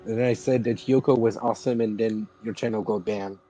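A man's voice: fairly low pitch, fairly even intonation, brisk, warm tone, soft background music. A man chatting casually with a friend while they play a game online, searching for words as he talks. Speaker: fellow player on the stream. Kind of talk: casual gaming chat.

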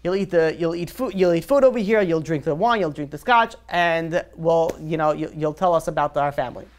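A man voicing a wealthy male host in a story, insistent and bargaining, in a quick, slightly raised voice. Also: a little high, lightly acted. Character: wealthy male host, generous but demanding.

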